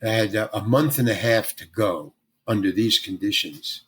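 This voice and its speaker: A man's voice: fairly low pitch, moderate pace. An older man, a veteran character actor, telling stories in an interview and acting out other people's lines as he goes. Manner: animated storyteller who acts out other people's lines. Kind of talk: storytelling interview.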